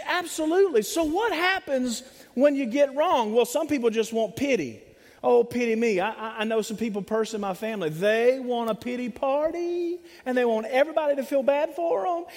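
Preacher, male, high voice, animated and joking, sermon delivery, long church reverb. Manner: animated, humorous, acts out voices of others. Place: church sanctuary.

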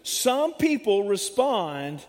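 High-voiced preacher in a reverberant church. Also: male voice, very slow. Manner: animated, humorous, acts out voices of others. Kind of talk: sermon. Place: church sanctuary. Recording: long hall reverb.

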